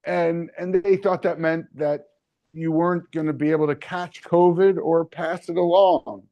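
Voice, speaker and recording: A man's voice: on the high side, steady tone, a little slow, no echo, lo-fi sound. A man hosting a podcast in casual chat. He rambles and leans on fillers like "you know" and "like.". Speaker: podcast host.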